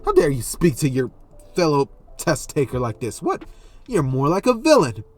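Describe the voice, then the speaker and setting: A man voicing an uptight, indignant teenage boy student, loud and scolding in a fan story. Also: on the high side, huge pitch swings, normal speed.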